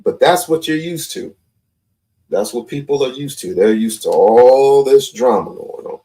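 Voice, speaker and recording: A man's voice: mid-range voice, animated, a little slow, dark tone. A man hosting a live call-in stream, talking confrontationally and repeating his points. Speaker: livestream host.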